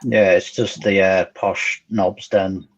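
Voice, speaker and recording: A man's voice: low-pitched, level tone, takes it slowly, muffled recording. A man, a guest on a live stream, teasing in a dry way. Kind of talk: casual chat on a live stream.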